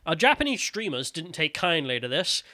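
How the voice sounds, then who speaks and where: A man's voice: fairly high pitch, very animated, normal speed, pushed and bright, no echo, studio quality. A man co-hosting a podcast, giving sardonic, mocking commentary on news stories and sometimes putting on voices to quote people. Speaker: podcast co-host. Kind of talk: casual news commentary chat.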